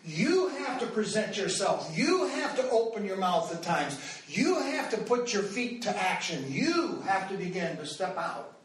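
A man preaching, telling a story to his congregation in an animated, rambling way with many restarts and fillers. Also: sits high, a little slow, slight background noise. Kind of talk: storytelling sermon. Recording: echoey hall, mic far off.

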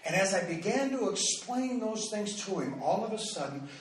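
A man preaching, telling a story to his congregation in an animated, rambling way with many restarts and fillers. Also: high voice, normal speed, slight background noise. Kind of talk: storytelling sermon. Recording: echoey hall, mic far off.

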